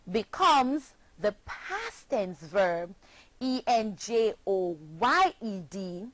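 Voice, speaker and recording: Woman from jamaica teaching pronunciation, super slow and careful, dry close voice. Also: mid-range voice, a bit bright, no echo. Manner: slow, deliberate, spells out letters one by one. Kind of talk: scripted pronunciation lesson.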